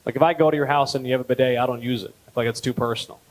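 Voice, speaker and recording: A man in his thirties doing a stand-up comedy set at a gala, telling stories deadpan and jumping up in pitch on punchlines. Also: racing, a little hiss or hum, rough recording. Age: 30s. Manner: deadpan storytelling, with lively jumps in pitch on punchlines. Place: gala event hall.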